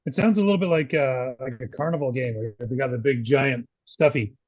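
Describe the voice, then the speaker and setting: A man's voice: mid-range voice, fairly quick, a little mellow, breathy edge, dry recording, dull audio. A man co-hosting a casual business talk show, reading points from notes and then asking his partner questions. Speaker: podcast co-host.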